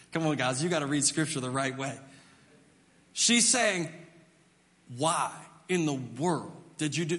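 A man preaching a sermon as pastor, telling stories with animated, acted-out voices. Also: on the high side, big-room sound. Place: church sanctuary.

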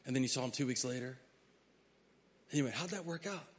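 A man with a mid-range voice preaches fairly quickly from the pulpit of a large hall. Reading scripture aloud, he swings from soft, conversational remarks to loud, emphatic sermonizing.

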